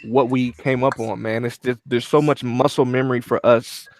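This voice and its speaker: A man co-hosting a podcast, explaining music software in a slangy, casual way with lots of restarts. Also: medium pitch, fairly even intonation, normal speed, dry recording. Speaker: podcast co-host, producer. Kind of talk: casual chat about music production gear.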